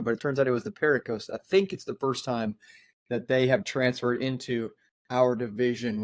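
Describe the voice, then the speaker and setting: A middle-aged man co-hosting a podcast, telling a story in casual chat, animated and laughing as he acts out quotes. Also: medium pitch, dry recording. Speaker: podcast co-host.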